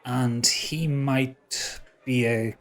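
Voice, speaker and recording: A man voicing a wary, secretive female elven ranger in a tabletop game, in a blunt, low-key way. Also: steady tone, very slow, a faint crowd. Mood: guarded.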